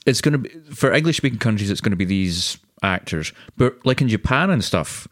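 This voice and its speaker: A man's voice: fairly low pitch, animated, fairly quick, no room sound, studio quality. A man co-hosting a movie podcast in casual chat, wry and teasing, laughing often. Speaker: podcast co-host.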